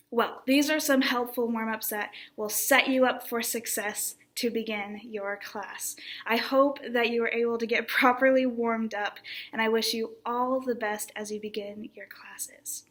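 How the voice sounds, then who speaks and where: A woman teaching acting on camera, her voice sitting fairly high for a woman. She speaks slowly and shapes each word with deliberate care. Her manner stays encouraging throughout. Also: a bit bright. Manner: clear, deliberately articulated speech; encouraging instructor. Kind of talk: online acting lesson.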